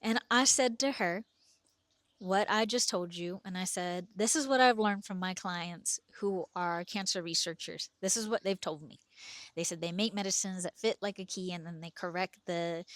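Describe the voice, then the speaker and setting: A middle-aged woman narrating a personal true story with earnest, emphatic delivery and dramatic pauses. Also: lowish voice, dry recording. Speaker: storyteller and host.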